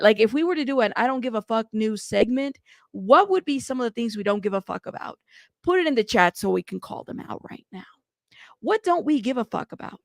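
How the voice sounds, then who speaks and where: A livestream news host chats casually, reading viewer comments in a teasing, rambling manner and cussing and laughing often. Her voice is fairly high and creaky, recorded with clean studio sound and no room sound.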